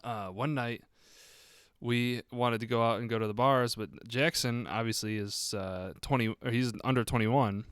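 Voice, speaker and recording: A man in his twenties telling a story in casual chat, easygoing and halting, with uh's. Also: medium pitch, steady tone, a bit bright, clean tone, no room sound, clean studio sound. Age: 20s. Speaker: podcast co-host.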